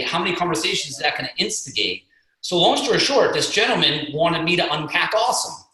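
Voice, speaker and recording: A middle-aged man tells stories with motivational energy, voicing the people in them. His voice is bright and forceful. The call audio is heavily echoey. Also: on the high side, fairly quick. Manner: energetic, motivational, acts out quotes. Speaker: guest speaker and fitness coach. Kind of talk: storytelling on a conference call. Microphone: video call.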